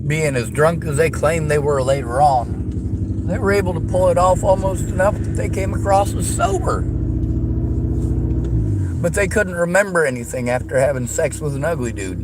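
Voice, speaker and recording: A man's voice: fairly high pitch, moderate pace, noisy background. A man giving a blunt, profane, heated rant as a vlogger, talking from a car while driving. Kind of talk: profane angry rant to camera.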